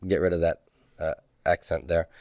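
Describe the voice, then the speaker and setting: A man's voice: sits low, flat delivery, normal speed, a little mellow. A man teaching a recorded lesson, asking his class questions and then answering them himself, and drilling word forms aloud. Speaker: Greek teacher. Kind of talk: recorded lecture.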